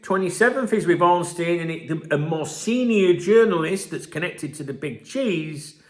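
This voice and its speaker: A man hosting his channel, giving casual commentary while reading out analysis, animated and conversational, often checking in with "right?". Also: fairly high pitch, reverberant. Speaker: channel host.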